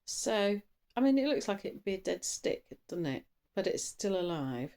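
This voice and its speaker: A woman's voice: mid-range voice, very animated, normal speed, darkish tone. A woman giving a casual tarot reading, chatty and rambling, trailing off and restarting, with caffeinated bursts of speed. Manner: buzzy from coffee, bursts of speed. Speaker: tarot reader.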